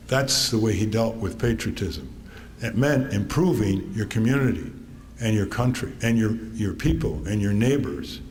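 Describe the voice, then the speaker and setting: A man in his eighties from Connecticut, giving a talk to an audience and telling wry family anecdotes with frequent pauses. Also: fairly low pitch, animated, a little mellow. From Connecticut, USA. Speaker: author giving a public talk. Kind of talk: storytelling speech to an audience. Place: theater stage. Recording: long theater reverb, faint noise.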